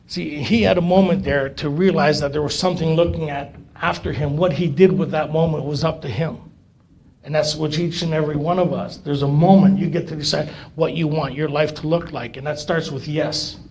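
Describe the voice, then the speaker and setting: Gravelly man telling a recovery story. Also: a little high, a little fast. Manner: animated storyteller, acts out dialogue. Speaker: recovery meeting speaker. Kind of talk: storytelling talk to an audience.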